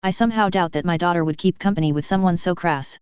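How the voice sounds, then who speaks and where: A reader doing a wary middle-aged French tycoon in a storybook reading, clipped and indignant. The voice is very smooth and resonant, with a dull, lo-fi tone. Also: mid-range voice, fast talker, dry recording, lightly acted.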